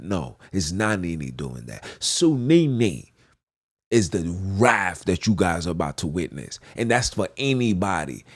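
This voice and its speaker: A man preaching a fervent, repetitive monologue as a podcast host, slipping into archaic scripture phrasing. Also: fairly low pitch.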